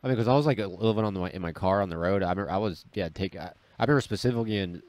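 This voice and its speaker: Fast-talking low-voiced man, stuffy nose. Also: a little mellow, no room sound. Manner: rambling storyteller, many restarts and quoted voices. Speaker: podcast co-host. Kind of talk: casual chat.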